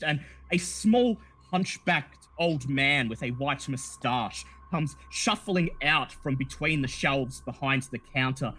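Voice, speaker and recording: A man's voice: mid-range voice, a bit bright. A man narrating a tabletop horror game as game master, calling for checks. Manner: calls for dice checks, repeats phrases.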